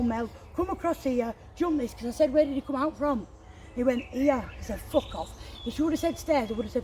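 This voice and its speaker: A woman's voice: high-pitched, darkish tone, a little hiss or hum, poor audio. A woman chatting outdoors on a walk, swearing freely as she tells a story. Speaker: walking companion. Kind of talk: casual chat.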